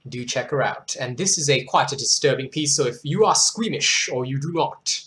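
A host with a worn-out, hoarse throat reads poems in an expressive, theatrical way. Between the pieces the talk turns casual, quick and self-deprecating. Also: mid-range voice. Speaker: channel host reading viewers' poems. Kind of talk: dramatic poetry reading with casual asides.

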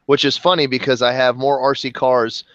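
A man in his thirties co-hosts a casual chat, chatty and quick to joke. His voice comes through a slightly dull, muffled mic with a dry sound. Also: mid-range voice, little pitch movement, fairly bright tone, no room sound. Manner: chatty, joking. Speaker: co-host.

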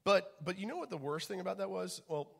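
A man preaching a casual, conversational sermon as a pastor, chatty with many fillers and restarts and swings in loudness. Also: sits high, expressive, quick pace, creaky, slightly rough.

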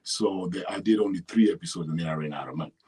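A husky, low-voiced Kenyan man, an actor and writer, talks quickly as a guest in a relaxed conversational interview. He rambles and restarts often but gets animated telling stories, and the recording is rough.

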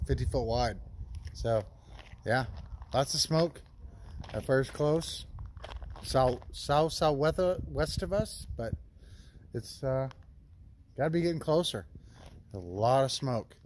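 A man's voice: medium pitch, a little mellow, a little hiss or hum. A man vlogging on a long hike, talking casually to the camera and ranting in a tired, annoyed way. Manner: ranting, annoyed and tired, swears then apologizes. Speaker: long-distance hiker vlogger.

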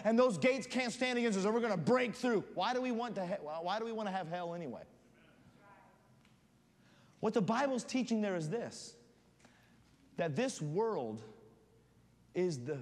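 Fervent high-voiced preacher man. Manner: builds to loud fervent shouting. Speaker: guest preacher. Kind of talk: sermon. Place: church sanctuary. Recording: church hall reverb.

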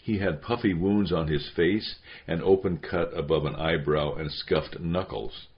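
A man narrating an audiobook in a measured way, slowing down on grim details. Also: deep voice, steady tone, dull audio. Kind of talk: scripted narration.

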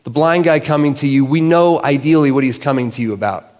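A man preaching in a church, his voice carrying a long hall reverb. He talks casually and conversationally, retelling a story with easy fillers, at an average pitch for a man. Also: quick pace, darkish tone. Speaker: guest pastor. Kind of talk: sermon. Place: church sanctuary.

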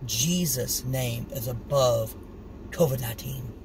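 A man's voice: medium pitch, measured pace, noisy background. A middle-aged man preaching informally on scripture, earnest and conversational, acting out the story with animation. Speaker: street preacher.

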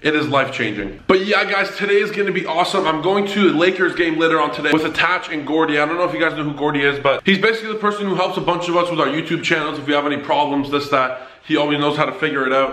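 Fast-talking excitable male vlogger. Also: a little high. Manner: excitable, quick-talking, chatty complaining. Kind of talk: casual vlog to camera. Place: apartment indoors. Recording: echoey room.

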